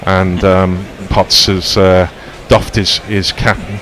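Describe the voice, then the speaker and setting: A man's voice: sits low, level tone, slow pace, a bit bright, a little hiss or hum. A man giving ball-by-ball cricket commentary with rambling, whimsical asides.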